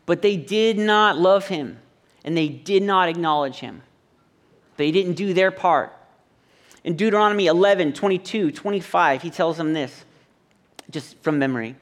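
A man's voice: high-pitched, normal speed. A man preaching a sermon in a conversational, joking way, acting out little quotes between points. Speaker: pastor. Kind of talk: sermon with humorous asides. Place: church service.

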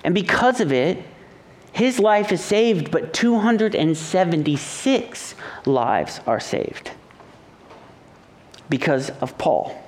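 A pastor with a notably high-pitched voice preaches in a loose, conversational way. He tells family stories with playful humor and mimics the people in them before turning to the scripture point. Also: slow pace, long pauses. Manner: animated, jokey, acts out the people in his stories. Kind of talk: conversational sermon with storytelling.

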